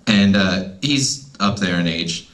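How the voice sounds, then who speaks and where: A man's voice: sits low, takes it slowly, a bit bright. A man in his thirties doing a wry, self-deprecating stand-up comedy set at an open mic night.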